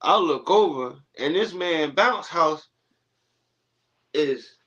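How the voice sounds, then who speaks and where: Animated storytelling man, muffled audio. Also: on the high side, slow, slightly rough. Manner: animated, laughing storyteller, acts out his own quotes. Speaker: guest. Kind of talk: casual storytelling on a podcast.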